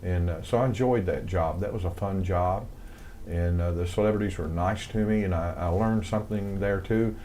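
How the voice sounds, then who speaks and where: Low-voiced older Southern man. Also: normal speed, mellow, a little hiss or hum. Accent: American Southern. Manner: rambling, many fillers and restarts. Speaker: guest, music composer. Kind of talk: casual interview storytelling.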